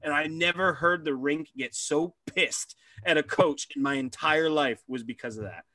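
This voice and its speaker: A man co-hosting a podcast and telling animated, profane stories about his hockey days. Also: a little high, moderate pace, no echo. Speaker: podcast co-host, former hockey player. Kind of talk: casual podcast chat.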